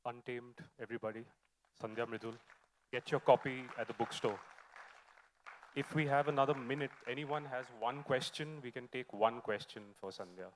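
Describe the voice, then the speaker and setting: A man's voice: mid-range voice, normal speed, a little hiss or hum. A man moderating a festival session and telling a teasing anecdote about the guest.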